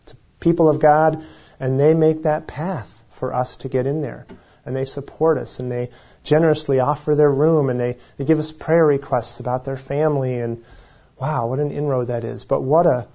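Mellow-voiced man leading Bible study. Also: mid-range voice. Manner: conversational, self-correcting, chuckles. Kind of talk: informal Bible teaching. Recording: dull lo-fi recording.

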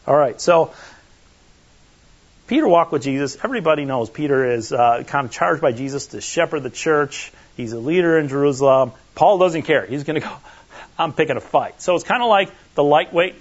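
A man preaching a conversational sermon, animated and emphatic, often checking in with his listeners. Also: on the high side, moderate pace. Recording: muffled lo-fi recording.

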